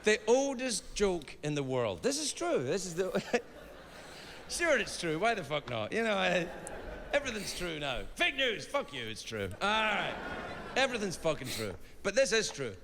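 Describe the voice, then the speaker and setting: A man's voice: high voice, big pitch swings, normal speed, a bit bright, a little hiss or hum. A middle-aged man doing a stand-up comedy routine on stage, a rambling storyteller who keeps sidetracking himself and slips into silly voices. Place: stage before an audience. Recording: live stage sound with long reverb.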